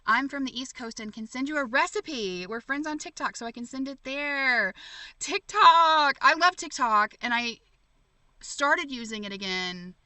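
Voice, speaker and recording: A woman's voice: high-pitched, moderate pace, hardly any pauses, bright, forceful tone, dry recording, distant mic. A woman in casual live-stream chat, reading viewers' comments, talking effusively with frequent laughs and fillers. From United States. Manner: chatty and effusive, laughs often, many fillers and restarts. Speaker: livestream host reading chat.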